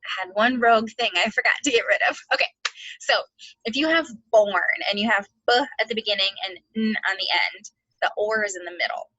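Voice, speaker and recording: A woman teaching an online phonics lesson to second graders, sounding out letters slowly and encouraging the class. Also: medium pitch, bright, forceful tone, no echo, muffled recording.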